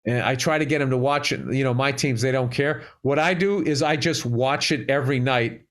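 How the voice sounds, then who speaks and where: A middle-aged man from Massachusetts, co-hosting a podcast and telling sports stories in a loose, profane, animated way. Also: mid-range voice, fairly quick. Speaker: podcast co-host. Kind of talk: casual chat.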